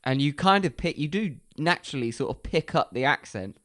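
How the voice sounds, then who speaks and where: A man's voice: a little high, expressive, fairly quick. A man in his thirties co-hosting a podcast with jokey, sweary banter. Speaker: podcast co-host. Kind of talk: casual podcast chat.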